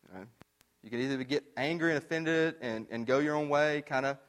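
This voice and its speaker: A man preaching a sermon as pastor, casual and storytelling, shifting from animated to hushed. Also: on the high side, a little fast. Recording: long reverb of a large room.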